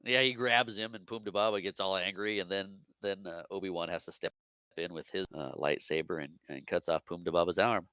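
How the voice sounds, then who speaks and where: A man co-hosting a podcast, talking casually about a film, laughing often and slipping into quick character voices. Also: deep voice, steady tone, bright, forceful tone, smooth, no room sound. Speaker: podcast co-host. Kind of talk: casual movie chat.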